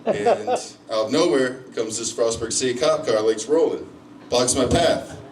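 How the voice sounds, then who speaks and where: A man's voice: mid-range voice, big pitch swings, a little slow, very noisy. Crude, self-mocking stand-up comic man. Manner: crude, self-mocking storytelling with loud owl-call yells. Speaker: stand-up comedian. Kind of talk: stand-up comedy set. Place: comedy club stage. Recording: echoey club from far off. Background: crowd laughter.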